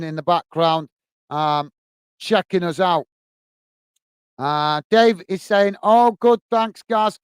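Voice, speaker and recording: Hosting a football fan live stream, this man reads viewer comments aloud with upbeat energy and repeated thanks. His voice is a little high and smooth, recorded with no room sound.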